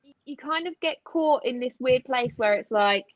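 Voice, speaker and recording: A woman with an English accent chatting casually, laughing often and filling pauses with ums. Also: high voice, lively intonation, no room sound, highs cut off. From England. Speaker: band member guest. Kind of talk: casual chat.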